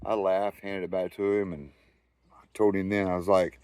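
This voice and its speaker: Low-voiced Southern US man telling stories. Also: steady tone, normal speed, darkish tone, no echo. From Southern United States. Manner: loose, profane, rambling anecdotal delivery. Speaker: storyteller host. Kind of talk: casual spoken storytelling.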